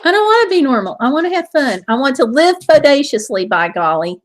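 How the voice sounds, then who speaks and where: A woman's voice: high-pitched, big pitch swings, brisk. A woman hosting a casual live stream, chatting in a bubbly way and reading viewer comments aloud. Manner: bubbly and chatty, with exclamations and laughter.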